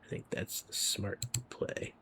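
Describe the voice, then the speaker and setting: A man's voice: slow pace, sharp tone. A man giving rambling, casual commentary over gameplay, sometimes dropping to a near whisper. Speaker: gaming video creator.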